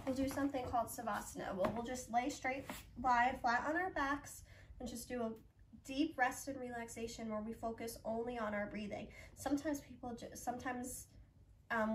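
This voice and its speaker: High-voiced woman guiding kids' breathing. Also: far from the mic, a little hiss or hum. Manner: encouraging, coaxing, talks slowly to children. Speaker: children's yoga instructor at a library. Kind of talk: gentle guided breathing lesson for kids. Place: library room, indoors.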